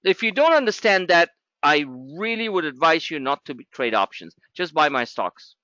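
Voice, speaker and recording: A man's voice: on the high side, very animated, moderate pace, bright, forceful tone, dry recording, highs cut off. A man teaching a live trading class in a blunt, sarcastic, scolding way. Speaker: trading educator.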